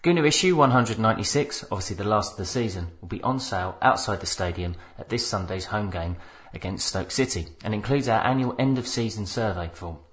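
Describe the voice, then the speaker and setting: A man hosting a football fan podcast, telling stories in casual chat and bursting into shouted punchlines. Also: lowish voice, expressive, brisk, hardly any pauses. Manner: storytelling, laughs into shouted punchlines. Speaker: podcast host.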